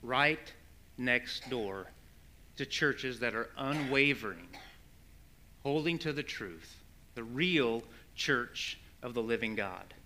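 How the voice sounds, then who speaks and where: Lively, bright-voiced preacher man. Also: mid-range voice, slow pace, a little hiss or hum. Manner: earnest, folksy storytelling with repeated starts. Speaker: pastor. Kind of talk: conversational sermon.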